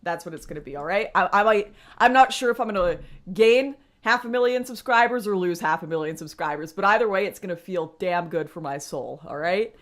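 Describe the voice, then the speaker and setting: A woman's voice: fairly low pitch, lively intonation, a little fast, few pauses. Chatty young woman hosting a livestream. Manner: chatty, laughs often, talks to viewers. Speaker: livestream host. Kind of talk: casual livestream chat.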